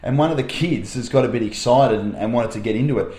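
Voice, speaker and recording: A man's voice: mid-range voice, fast, roomy sound. A young Australian man, a primary school teacher, telling a rambling anecdote on a chat podcast with lots of fillers. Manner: rambling, animated storyteller with fillers.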